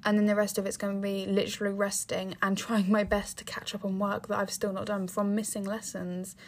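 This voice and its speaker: A woman's voice: medium pitch, monotone, a little fast, a little hiss or hum. A teenage girl from England hosting her own podcast, rambling casually with many fillers and restarts, sounding tired. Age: teens. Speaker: podcast host. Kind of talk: casual monologue.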